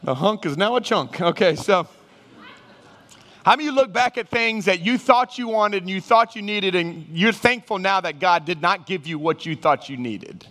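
A man preaching a sermon, animated, acting out Bible figures and his listeners in raised voices. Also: high voice, normal speed. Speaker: pastor. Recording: reverberant hall sound.

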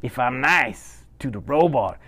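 A man's voice: mid-range voice, lively intonation, unhurried, a bit bright, husky. A man doing a lonely, pleading big bad wolf. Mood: plaintive.

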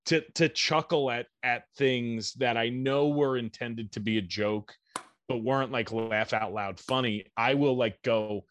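A man's voice: mid-range voice, measured pace, fairly bright tone, slight background noise. A man co-hosting a podcast in casual chat, candid and self-deprecating, rambling and swearing freely. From United States. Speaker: podcast co-host.

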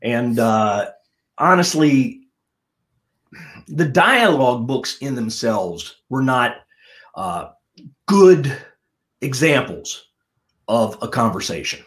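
A man's voice: slow pace, pauses often. A middle-aged man, a comedian and ventriloquist, telling stories as a guest in a casual interview. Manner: animated storyteller, lively pitch swings.

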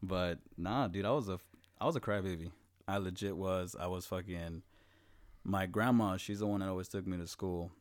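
A man's voice: low-pitched, moderate pace. A young man in his twenties from Los Angeles, hosting a casual chat and telling stories full of swearing and acted-out quotes. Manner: profane, laid-back storytelling with acted-out quotes.

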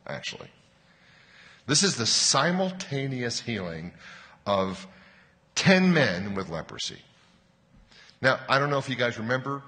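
A man preaching a sermon. He tells wry jokes, then reads scripture slowly like a bedtime story. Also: fairly low pitch, sharp tone. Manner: wry joking, then slow storybook reading. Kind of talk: sermon with humorous readings. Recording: reverberant hall.

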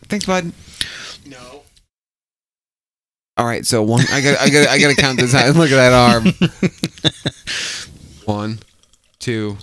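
A man co-hosting a casual podcast from a home basement, drinking and joking loudly with crude, profane humor into a podcast mic. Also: medium pitch, a little slow, long pauses. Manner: loud, joking, profane, animated. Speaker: podcast co-host.

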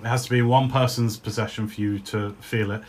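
A man's voice: lowish voice, steady tone, quick pace. A man serving as game master for his children, narrating their tabletop adventure in a loose, joking way and laughing easily.

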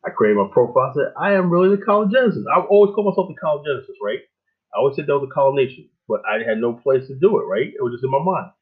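A middle-aged man hosting a show, rambling in a casual monologue with lots of fillers and animated stories. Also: medium pitch, rapid-fire. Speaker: show host. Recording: tinny phone-like line.

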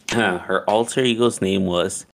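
A man casually telling a long personal story, animated and profane, acting out what people said. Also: sits low, vocal fry, a little hiss or hum. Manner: animated, profane, acts out quotes with laughs.

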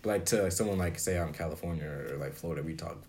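A man's voice: sits low, racing, a little mellow, slight background noise. A young man co-hosting a casual podcast chat, loose and slangy, laughing often between lines. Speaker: podcast co-host.

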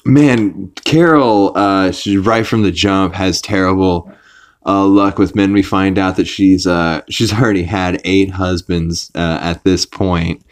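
A low-voiced man chats through a casual recap of a cartoon episode. He rambles, leans on fillers, and slips into quick put-on voices when quoting characters. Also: fairly even intonation. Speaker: podcast host.

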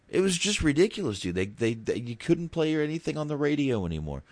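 A man's voice: medium pitch, sing-song, fast talker, hardly any pauses, no echo. A man co-hosting a podcast, chatting casually about a movie, profane and rambling, with frequent laughs. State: sore throat after shouting. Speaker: podcast co-host. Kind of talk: casual movie review chat.

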